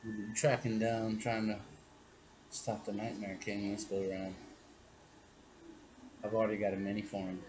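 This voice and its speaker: A man's voice: on the low side, level tone, moderate pace, long pauses, a little mellow, a little hiss or hum, poor audio. Laid-back man running a game. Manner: swears freely, laid-back. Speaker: game master. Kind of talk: casual chat.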